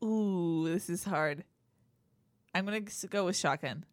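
A woman's voice: lowish voice, a little slow, no echo, studio quality. A woman co-hosting a podcast in casual banter, laughing often and teasing her co-hosts. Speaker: podcast co-host.

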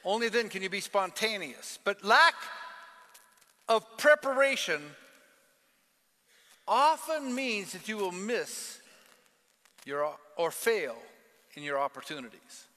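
Male pastor, lively sermon style with call and response, ringing bright voice, long church reverb. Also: high voice, takes it slowly, long pauses. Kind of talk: sermon with a told joke. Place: large church hall.

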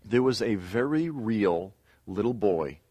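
A middle-aged man teaching a Bible lesson, telling the story in a steady way with pauses and emphatic repeats. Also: lowish voice, slightly rough, dry recording. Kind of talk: teaching lecture.

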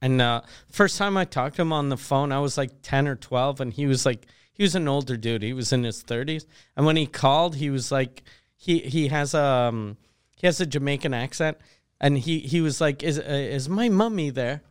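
A man's voice: mid-range voice, moderate pace, clean tone. A man in a casual chat, joking and laughing often with crude banter.

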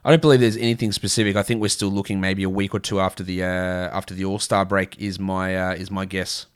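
A man's voice: sits low, little pitch movement, fast, clear, resonant tone. A man with an Australian accent hosting a casual fantasy basketball livestream, chatting bluntly and answering viewer questions, with frequent restarts and fillers.

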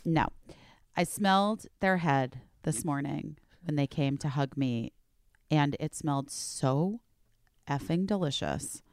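A bubbly, chatty woman hosting a podcast and reading ads with plenty of enthusiasm. Her voice is smooth and clear, recorded close and dry. At times she drops down low and quiet to make a point land. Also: slow pace, no room sound. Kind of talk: casual chat ad read.

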